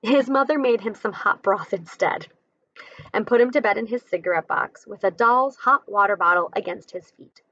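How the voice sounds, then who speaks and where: A woman's voice: medium pitch, normal speed, fairly bright tone, lo-fi sound. A woman reading a children's chapter book aloud, adding friendly explanations between passages.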